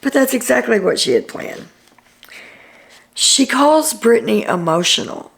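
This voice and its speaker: A woman's voice: a little high, lively intonation, a little slow, gravelly. A woman hosting a casual reality TV recap, retelling what people said in a chatty way with ums.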